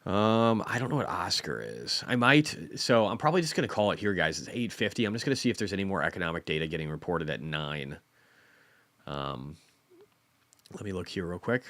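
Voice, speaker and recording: A man's voice: sits low, expressive, a little fast, a bit bright, no room sound. A man in his forties hosting a casual stock market livestream, rambling and self-deprecating, often repeating words. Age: 40s.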